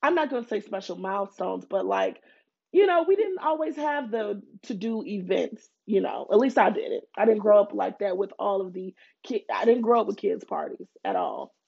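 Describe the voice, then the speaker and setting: A woman's voice: mid-range voice, animated, moderate pace, creaky, a little mellow, husky, highs cut off. A woman, hosting a podcast in a casual, heartfelt way and calling listeners baby and honey. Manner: chatty and heartfelt, many fillers, calls listeners baby and honey. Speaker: podcast host. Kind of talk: casual solo chat.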